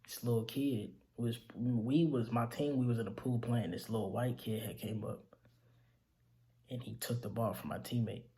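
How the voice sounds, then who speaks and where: A young man telling the story of his mother's death, halting and repeating himself, his voice sinking to near whispers in grief. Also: mid-range voice, steady tone, dark tone. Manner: halting, repeats himself, calls the listener bro. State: grieving, voice dropping to near whispers. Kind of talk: emotional storytelling to camera.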